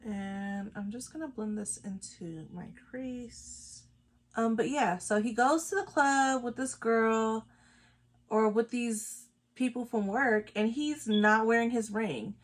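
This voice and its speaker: Woman w/ spilling tea while doing makeup, sassy, kinda high voice. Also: slow pace. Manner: gossipy, animated storytelling with sassy asides. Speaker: beauty vlogger. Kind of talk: casual makeup chat.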